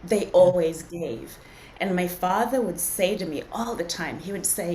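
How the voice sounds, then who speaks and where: A woman's voice: lowish voice, unhurried, mellow, reverberant, slight background noise, poor audio. A woman from Zimbabwe, a podcast guest, earnestly and reflectively telling her own story in a casual interview.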